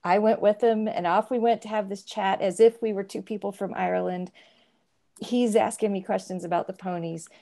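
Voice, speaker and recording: Mellow woman telling an amused story. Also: mid-range voice, steady tone, moderate pace, creaky. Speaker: audience member asking a question. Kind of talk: casual storytelling on a video call.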